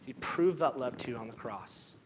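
This pastor's mid-range voice is animated and moves at a normal pace, with noise in the background. He preaches passionately, rising to emotional high points while nearly in tears.

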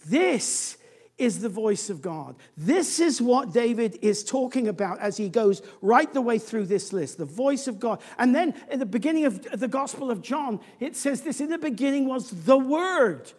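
A preacher delivering a sermon in a church, swinging from booming emphasis to a near-whisper, often restarting and repeating words. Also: lively intonation, normal speed, a little mellow, breathy edge, big-room sound.

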